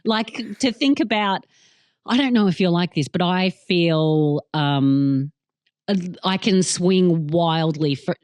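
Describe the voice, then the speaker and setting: A woman's voice: fairly low pitch, slow pace, darkish tone, clear, resonant tone, dry recording. Candid Australian woman comedian, dry room. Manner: candid, self-mocking, laughs often. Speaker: guest comedian. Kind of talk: casual podcast chat.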